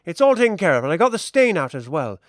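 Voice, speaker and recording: A woman's voice: on the low side, very animated, fast, no room sound, studio quality, voice pushed up. A man voicing a fussy, motherly older woman who runs a tailor's shop. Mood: fussing.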